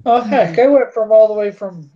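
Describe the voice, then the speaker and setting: A man's voice: high voice, normal speed, dull audio. A man from Ontario co-hosting a casual chat, joking and folksy. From Ontario, Canada. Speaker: co-host. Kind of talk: casual chat during a live drawing stream.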